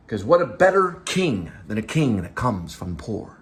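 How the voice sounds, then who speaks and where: A man's voice: on the low side, big pitch swings, measured pace. A man, an actor and vlogger, chatting in a rambling, casual way and drifting from one topic to the next. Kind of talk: casual vlog chat.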